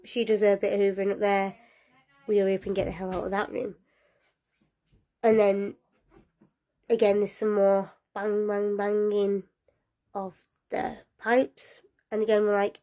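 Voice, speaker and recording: A young woman telling a personal story in a casual, lively way, often breaking into laughter. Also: medium pitch, moderate pace, pauses often.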